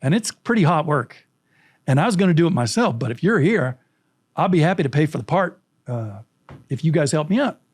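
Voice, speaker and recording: A laid-back young cowboy offering help in an easy, friendly tone, voiced by a man telling a story. The voice stays close to the storyteller's own, only a touch lower and quicker. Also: lively intonation, husky. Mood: easygoing. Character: young cowboy man, about twenty, generous and easygoing.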